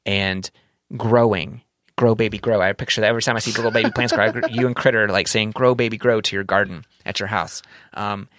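A man's voice: lowish voice, steady tone, quick pace, bright, forceful tone, no room sound, clean studio sound. A man co-hosting a podcast in casual chat, rambling and correcting himself, candid and swearing now and then. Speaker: podcast co-host.

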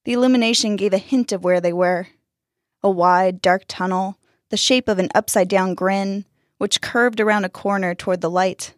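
A woman's voice: mid-range voice, steady tone, normal speed, no echo, studio quality. Woman narrating a spooky story.

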